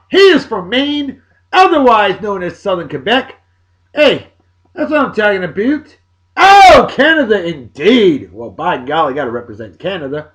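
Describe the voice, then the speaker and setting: Man, 40s, somewhat high voice, jokey, loud bursts and mumbled asides, casual vlog shout-outs. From Massachusetts, USA. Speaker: video blog host.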